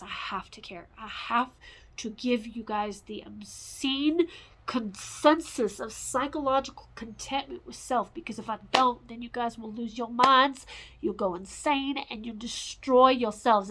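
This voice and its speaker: A woman in her forties ranting in an unscripted, profane monologue, rambling and swinging between loud outbursts and low mutters. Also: normal speed, poor audio. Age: 40s.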